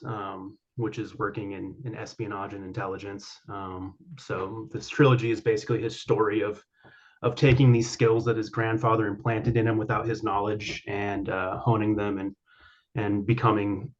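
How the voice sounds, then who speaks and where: A man's voice: fairly low pitch, dull audio. A man being interviewed as an author guest, answering at length with many fillers and restarts. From Colorado.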